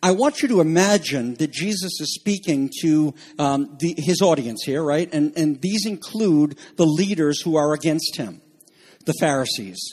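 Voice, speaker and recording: Husky-voiced male pastor preaching. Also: fairly high pitch, lively intonation, moderate pace, a little mellow. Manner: earnest preaching, emphatic on key phrases, with fillers and asides. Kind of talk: sermon.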